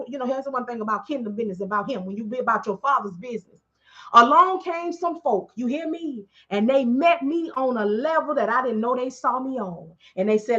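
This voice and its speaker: High bright preachy woman on a stream. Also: muffled recording. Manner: preachy, emphatic, call-and-response asides. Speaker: business owner speaking to followers. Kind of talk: live-stream testimony to followers.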